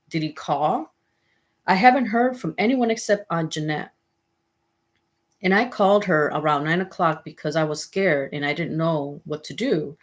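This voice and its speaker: A frightened little girl asking worried questions, as a woman reads her part. The voice stays low and husky, with little put-on change. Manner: plain, anxious questioning. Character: scared ten-year-old girl.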